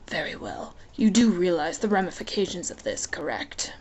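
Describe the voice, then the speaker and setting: A smug, lustful god of the underworld, as a woman reading aloud puts him on, hissing his lines in a low, breathy whisper. He sounds mocking and unhurried, more menacing than loud, in a homemade audiobook reading. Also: big pitch swings. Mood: cold.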